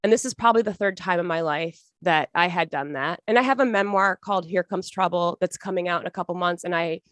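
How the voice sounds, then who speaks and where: A woman's voice: on the low side, quick pace, a bit bright, no echo. A young woman being interviewed as a podcast guest, telling her story in an earnest, emotional, rambling way with many restarts.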